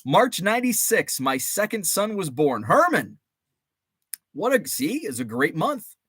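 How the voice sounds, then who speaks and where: Lively, rambling man hosting a chat stream. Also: high voice, a little slow, breathy edge, dry recording, clean studio sound. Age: around 40. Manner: rambling and reminiscing, greets chat viewers by name, mild swearing. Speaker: host. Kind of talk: casual livestream chat.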